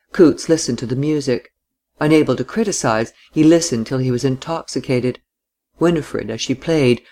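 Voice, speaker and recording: Man with a measured novel-reading voice. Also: medium pitch, a little mellow. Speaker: audiobook narrator. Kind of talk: scripted narration of a classic novel.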